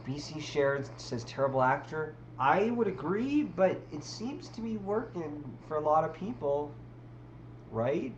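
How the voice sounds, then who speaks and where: A woman with a low, animated voice hosts a casual livestream, speaking unhurriedly and rambling with frequent restarts and fillers as she addresses her chat. The lo-fi recording sounds roomy, with a faint hum in the background.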